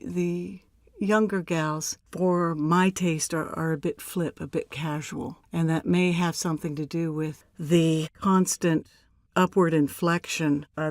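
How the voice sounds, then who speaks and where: An older woman, a voice actor, telling stories in an interview in a measured, deliberate way with emphatic pauses. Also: low voice, no echo, studio quality. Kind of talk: relaxed interview storytelling.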